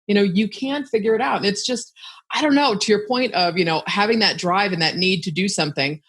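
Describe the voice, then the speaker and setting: Female podcast guest, husky voice, frank and emphatic conversational delivery. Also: mid-range voice, brisk, a bit bright. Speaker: podcast guest, content creator. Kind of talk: casual interview chat.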